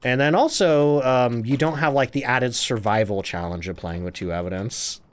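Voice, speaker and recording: A man's voice: medium pitch, normal speed. A man casually chatting on a live game stream, reading out chat questions and answering them while he plays.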